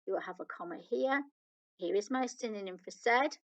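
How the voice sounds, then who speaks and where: A woman's voice: mid-range voice, normal speed, dull audio. A woman primary school teacher with a British accent, patiently reading example sentences aloud in a recorded online lesson for children. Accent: British English.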